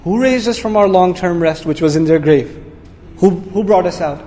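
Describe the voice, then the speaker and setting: A man's voice: sits high, moderate pace, dark tone, a little hiss or hum. A man teaching a lecture on Quranic word meanings, explaining with energy and repeating his key words. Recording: echoey hall reverb.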